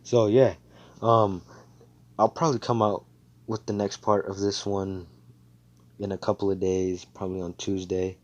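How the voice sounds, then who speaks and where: A man's voice: low voice, flat delivery, unhurried, pauses often, highs cut off. A man casually telling a fan story, rambling with lots of fillers and swearing.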